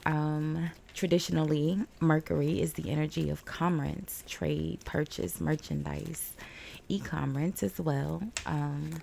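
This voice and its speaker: A woman's voice: low voice, steady tone, measured pace, creaky, dark tone. A woman getting over a cold, chatting casually and rambling through a tarot reading at home. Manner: rambling, chatty, fillers and little laughs. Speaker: tarot reader. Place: home room with balcony door open. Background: faint outdoor noise.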